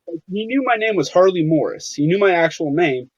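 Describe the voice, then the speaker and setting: A man's voice: high voice, animated, brisk, breathy edge. Man, interview guest, rambling, lots of fillers, dull lo-fi recording. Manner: rambling, many fillers and restarts. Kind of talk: casual interview storytelling. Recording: dull, lo-fi sound.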